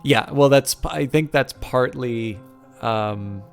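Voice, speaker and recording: A man's voice: medium pitch, slow pace, creaky, faint music behind. A man streaming a game late at night, tired and rambling with lots of fillers. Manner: rambling and hesitant, many fillers. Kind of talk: casual live-stream chat while playing.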